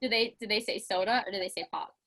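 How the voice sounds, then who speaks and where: A woman's voice: mid-range voice, fast, vocal fry, pushed and bright. Chatty young woman, Pittsburgh accent. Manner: chatty, bubbly, laughs often, peppered with "like". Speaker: interview host. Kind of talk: casual interview chat.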